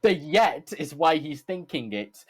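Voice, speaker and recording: A man's voice: fairly high pitch, very animated, a little slow. A man playing a tabletop game, chatting casually and explaining his character's rules. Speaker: player.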